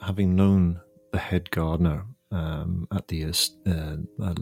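Very low, gravelly man playing a tabletop game. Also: steady tone, measured pace, darkish tone, soft background music. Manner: hesitant, many fillers. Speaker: player.

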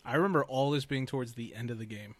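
A man's voice: mid-range voice, quick pace, dry recording. A man co-hosting a podcast, chatting casually about a game, teasing and giving advice. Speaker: podcast co-host. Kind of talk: casual gaming chat.

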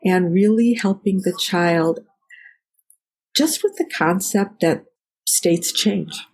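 Low, husky-voiced woman explaining thoughtfully. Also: slow pace, darkish tone, poor audio. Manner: thoughtful, explanatory, gives examples. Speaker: trauma researcher guest. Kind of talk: podcast interview answer.

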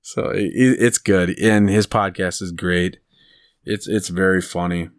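A man's voice: low-pitched, fairly even intonation, measured pace. A man co-hosting a podcast in casual chat, rambling through stories and laughing at his own jokes. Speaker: podcast co-host.

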